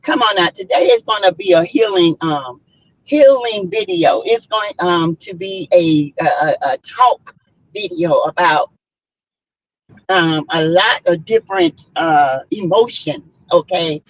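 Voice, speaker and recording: A woman's voice: on the low side, big pitch swings, a little slow. A woman hosting a casual live stream, chatting and greeting viewers by name. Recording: dull lo-fi stream audio.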